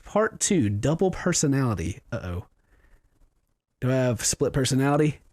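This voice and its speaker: A man's voice: medium pitch, normal speed, dry recording, studio quality. A young man hosting a gaming video, commenting casually and reading the game's lines aloud in playful voices. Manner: animated, playful, reads game dialogue aloud in voices.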